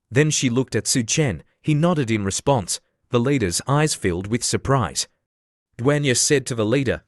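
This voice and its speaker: A man's voice: medium pitch, no room sound, clean studio sound. A man narrating an anime recap and reading every character's lines in much the same voice. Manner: reads all dialogue in the same near-flat voice.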